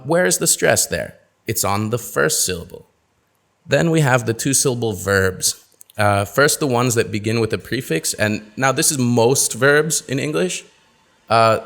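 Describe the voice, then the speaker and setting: A man giving a webinar lesson on pronunciation, speaking clearly and drawing out example words. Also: lowish voice, a bit bright. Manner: clear, deliberate teaching with drawn-out example words. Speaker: pronunciation teacher.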